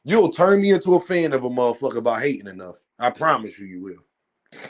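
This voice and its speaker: A man's voice: mid-range voice, brisk, lo-fi sound. A man hosting a livestream, ranting bluntly and profanely and talking straight to his chat. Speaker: livestream host. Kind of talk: unscripted livestream rant.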